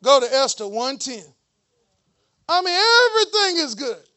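Pastor guy preaching, real high voice, animated and teasing the crowd. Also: moderate pace. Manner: preachy, animated, mocking asides. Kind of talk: sermon.

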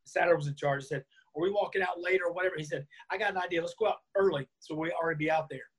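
Husky guy, bit high, telling an old story in an interview, doing everybody's lines. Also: racing. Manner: lively anecdote-telling, acts out quoted lines. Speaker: interview guest. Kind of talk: storytelling in a conversation.

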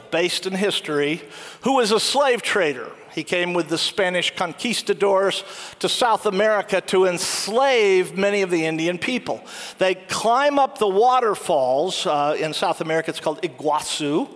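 A man's voice: sits high, animated, moderate pace. A man preaching a sermon, retelling a film story and acting out its quoted lines. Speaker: pastor. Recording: long hall reverb.

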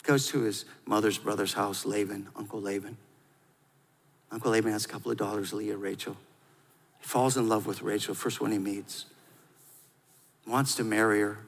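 A man preaching a sermon in a lively, conversational way, drawing the audience into call-and-response. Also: fairly low pitch, normal speed, creaky, pauses often. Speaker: pastor. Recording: long hall reverb.

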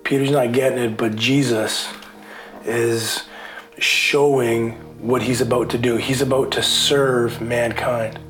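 A man preaching a casual sermon, chatty and animated, acting out voices as he retells the story. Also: mid-range voice, slow pace, reverberant, faint music behind. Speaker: pastor.

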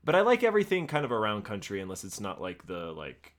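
A man's voice: on the low side, huge pitch swings, fast. A man in his thirties, a podcast co-host, talking casually with a lot of rambling, swearing and laughter. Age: 30s. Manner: rambling, profane, laughs often. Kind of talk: casual chat.

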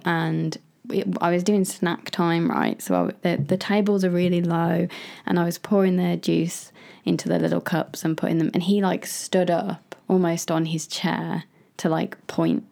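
Young woman, gravelly, lowish voice, chatty storyteller who laughs a lot; podcast co-host. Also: fairly even intonation, measured pace, mellow. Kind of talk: casual chat.

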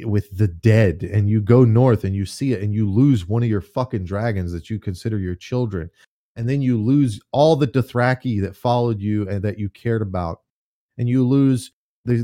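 A man's voice: on the low side, dry recording, studio quality. A man in casual chat about a fantasy series, swearing freely and talking it through with animation. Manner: animated, profane, swings into loud mocking voices.

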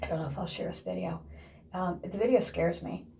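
A woman's voice: fairly low pitch, very animated, brisk, mellow, breathy edge. A woman talking casually to camera in a rambling, chatty way, laughing often and sometimes dropping to a whisper. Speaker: vlogger. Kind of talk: casual vlog chat.

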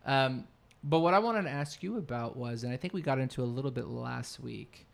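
A man's voice: medium pitch, fairly quick, vocal fry. A man co-hosting a podcast in casual chat, rambling and searching for his words mid-sentence. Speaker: podcast co-host.

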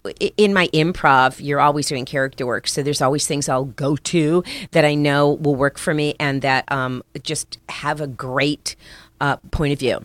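A woman's voice: sits low, fairly even intonation, normal speed, dry recording. A woman actress, chatting casually in an interview with lots of fillers and restarts. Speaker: actress guest.

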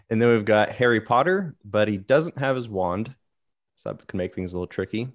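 Low-voiced man calmly reading out a list. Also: normal speed, muffled recording. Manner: steady, matter-of-fact listing with small asides. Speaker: podcast co-host reading a list. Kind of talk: casual chat.

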